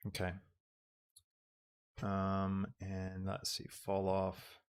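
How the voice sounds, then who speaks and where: A young man hosting a live software tutorial, thinking aloud as he works with lots of ums. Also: sits low, monotone, very slow, clean tone. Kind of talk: live-streamed casual tutorial.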